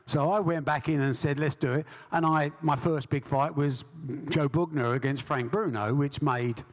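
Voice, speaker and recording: A man's voice: on the high side, steady tone, moderate pace, in a large hall. A man with an English accent, a sports promoter telling brash stories in a live stage interview and acting out the voices. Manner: brash anecdotal storyteller, acts out voices. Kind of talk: storytelling interview.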